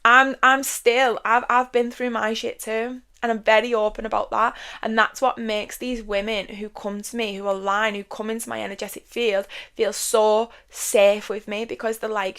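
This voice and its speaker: A woman's voice: a little high, flat delivery, moderate pace, hardly any pauses, pushed and bright, clean tone. A woman hosting a podcast, speaking emphatically and from the heart in a blunt, confessional monologue. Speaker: podcast host.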